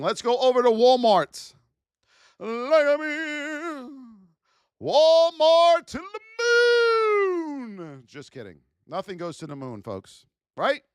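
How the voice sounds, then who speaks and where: Calling out to chat viewers with animated energy, this middle-aged man hosts a live trading stream and comments on the charts. He has a high-pitched, clean-toned voice, captured in studio quality without any room sound.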